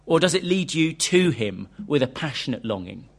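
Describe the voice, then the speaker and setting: A man's voice: fairly high pitch, expressive, fairly quick, few pauses, fairly bright tone. A man preaching a sermon, earnest and questioning, reading a quoted interview aloud to his congregation.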